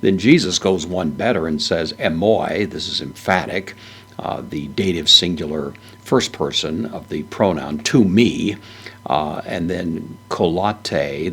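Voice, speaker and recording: Man, very low voice, Bible teacher, methodical Greek exegesis lecture, hesitant fillers. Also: gravelly, a bit bright, breathy edge. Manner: methodical, parses words with frequent "uh" fillers.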